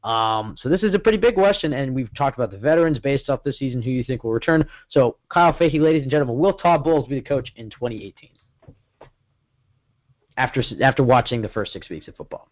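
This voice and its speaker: A podcast co-host with a mid-range voice and lively intonation rambles through a casual sports podcast in quick bursts, correcting himself as he goes. The sound is dull and lo-fi, with no echo.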